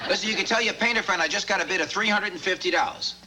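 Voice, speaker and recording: A man's voice: sits high, racing, heavy background noise, lightly acted. An actor playing a flustered grown son in a sitcom who stammers and trips over his words. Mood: amused. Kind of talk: sitcom acting.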